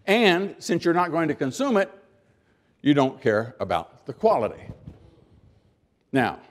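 An older man from the United States giving a keynote speech, telling folksy stories and making points with emphatic pauses and repeated words. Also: on the high side, sing-song. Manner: folksy storytelling, acting out little scenes. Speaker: keynote speaker.

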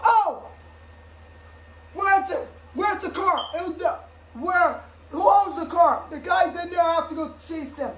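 Very high-voiced woman, echoey room. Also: unhurried. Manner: switches voices, bursts into shouts. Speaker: home video creator. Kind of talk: improvised toy play voicing several characters. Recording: echoey room with faint background noise.

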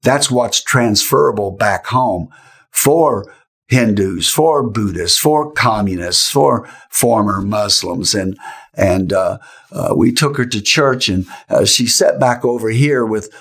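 An older man, a guest preacher, tells a story in an emotional sermon with slow, emphatic phrasing. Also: fairly low pitch, lively intonation, vocal fry, fairly bright tone, slightly rough.

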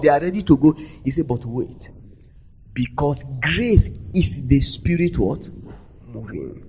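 A man preaching a sermon in a conference hall, prompting the audience to finish his sentences and swinging between loud emphasis and near-whispers. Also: a little high, husky.

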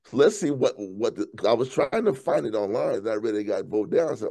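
A man in casual political chat, animated, often repeating words and breaking into laughter. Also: on the low side, fairly quick, vocal fry.

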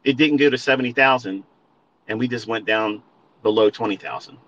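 A man's voice: medium pitch, fairly quick, fairly bright tone, lo-fi sound, a little hiss or hum. A man ranting at listeners on a live audio stream, profane and emphatic, repeating his points and calling them folks. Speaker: trading educator.

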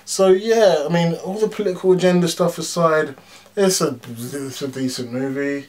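A man's voice: a little high, moderate pace. Blunt, ranting male movie reviewer. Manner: animated, blunt, frequent swearing and fillers. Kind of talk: casual ranting film review.

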